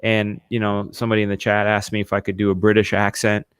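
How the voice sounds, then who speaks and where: A man co-hosting a casual streamed chat, rambling in an animated way and filling his talk with "you know". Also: lowish voice, quick pace, clean tone, no room sound. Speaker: co-host and storyboard artist.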